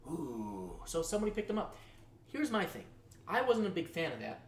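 A man hosting a casual news-style show, jokey and animated, his voice jumping from loud outbursts to quiet asides. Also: high-pitched, fast talker, a little hiss or hum. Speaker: show host. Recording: echoey room.

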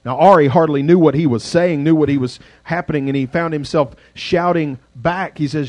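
A man's voice: a little high, moderate pace, hardly any pauses, no room sound. Dramatic storytelling male pastor. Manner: dramatic, swings from loud to hushed. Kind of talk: storytelling sermon.

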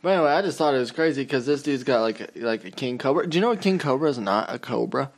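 A man's voice: mid-range voice, expressive, fast. A young adult man co-hosting a podcast, rambling casually with swearing and trailing fillers. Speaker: podcast co-host. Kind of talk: casual chat.

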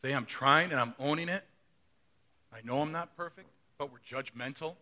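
A man's voice: on the high side, moderate pace, bright, forceful tone. A middle-aged male pastor preaching a sermon in a conversational way, often asking the congregation questions.

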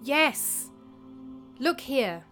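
A woman's voice: sits high, very animated, extremely slow, bright, forceful tone, faint music behind, voice pushed up, heavily acted. A woman voicing the ghost of a young male warrior who pleads in a dry, wry tone. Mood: firm.

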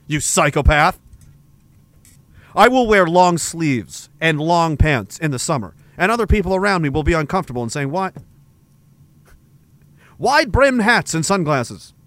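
Male streamer, high and lively, profane and mock-outraged, dry close mic. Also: gravelly, no room sound. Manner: profane, joking, mock-indignant. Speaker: streamer reading chat. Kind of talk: casual chat.

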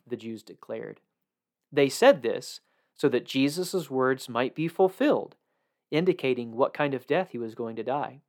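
A man reading scripture aloud in a steady, measured way. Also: medium pitch. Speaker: scripture reader.

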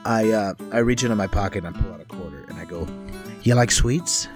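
A man's voice: sits low, rapid-fire. Guy asking questions in character, guitar playing behind. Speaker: player. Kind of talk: playing a tabletop game.

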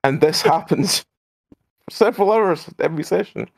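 A man's voice: high-pitched, moderate pace, gravelly, dry recording. A man playing a tabletop game, making wry remarks in casual chat. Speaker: player.

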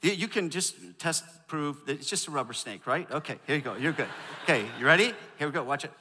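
A man's voice: fairly high pitch, expressive, quick pace, bright, forceful tone, slightly rough, big-room sound. A man preaching a sermon as a pastor, cracking jokes and calling on the congregation to repeat lines after him. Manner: joking, calls for audience responses. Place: large church auditorium.

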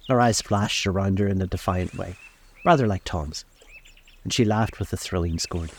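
A man reading a novel aloud in a calm, measured way, recorded outdoors on a lakeside deck. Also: deep voice, husky. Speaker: storyteller.

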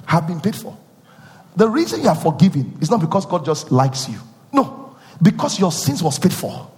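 A male preacher giving a sermon, repeating phrases and questioning his listeners, rising from quiet teaching into sung and shouted peaks. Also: on the high side, big pitch swings, moderate pace, long reverb tail.

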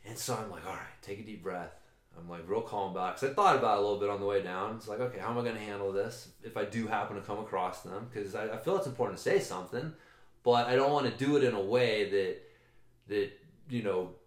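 A man's voice: lowish voice, fast talker. A man in casual chat, telling a long rambling story with swearing and frequent restarts. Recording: roomy echo.

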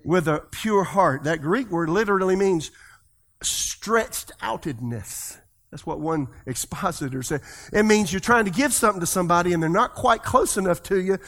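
A man with a fairly high voice preaches a sermon with lively swings between booming emphasis and near-quiet asides. He calls on the congregation to repeat words back to him as he goes. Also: a little fast. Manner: animated preaching with swings between loud and soft; leads the congregation in call-and-response. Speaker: pastor.

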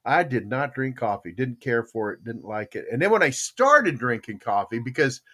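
A man's voice: mid-range voice, very animated, normal speed, fairly bright tone. An older man hosting a casual podcast and chatting with a live chatroom, telling long rambling stories full of fillers and restarts, often with a chuckle. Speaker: podcast host.

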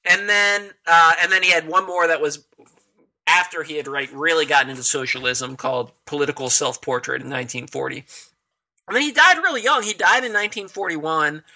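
Guy chatting casually, bright sharp tone, bit of fry, laughs a lot. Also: fairly high pitch, brisk. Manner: chatty, laughs often, storytelling. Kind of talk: casual conversation about poetry.

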